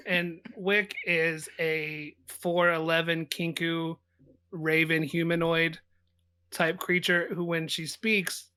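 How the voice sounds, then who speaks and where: A man at a tabletop game lays out his character's moves in a bright, slightly high voice. He narrates deliberately, pausing to choose his words. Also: little pitch movement, clear, resonant tone. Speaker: player. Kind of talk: describing his character's actions.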